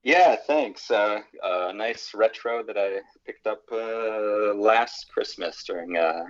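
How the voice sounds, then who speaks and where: A man from New Mexico, a guest calling in, answering hesitantly with many pauses and uhs. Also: on the low side, very animated, gravelly, lo-fi sound. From New Mexico, USA. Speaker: guest caller. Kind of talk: casual chat.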